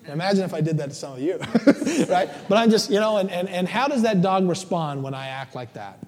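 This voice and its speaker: A man's voice: sits high, fast, darkish tone. A middle-aged male preacher giving a conversational, joking sermon, often checking in with "right?". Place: church. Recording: long church reverb.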